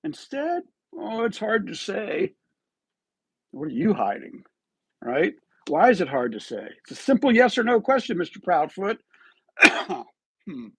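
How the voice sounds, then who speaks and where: A man hosting a live solo commentary show, his husky voice sitting fairly high and swinging widely in pitch. He argues in a rhetorical, accusatory way and keeps asking his listeners "right?". The sound is close and dry. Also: huge pitch swings, unhurried, no echo. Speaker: host of a live online true-crime commentary show.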